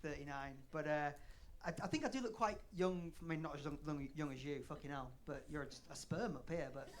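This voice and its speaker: A man's voice: fairly high pitch, a little fast. A man in his thirties from northern England doing a live stand-up set, bantering with the crowd in a sweary, self-deprecating way. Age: 30s. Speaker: stand-up comedian. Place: comedy club stage.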